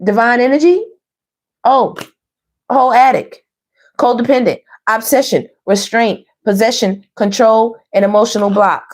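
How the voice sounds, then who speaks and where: A woman's voice: a little high, fairly even intonation, normal speed. A woman doing a casual online tarot reading, chatty and playful, who laughs often and talks straight to her viewers. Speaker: tarot reader.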